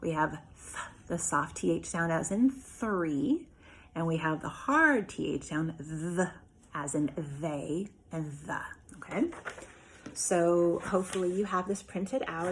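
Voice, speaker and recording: A woman teacher, probably in her thirties, giving a remote lesson to young children, patiently and clearly sounding out letter sounds. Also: fairly low pitch. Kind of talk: remote phonics and writing lesson.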